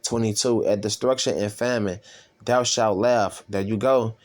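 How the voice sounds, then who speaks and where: A man casually reading and commenting on scripture as a self-styled preacher, rambling and profane, with drawn-out fillers. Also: fairly low pitch, fairly even intonation.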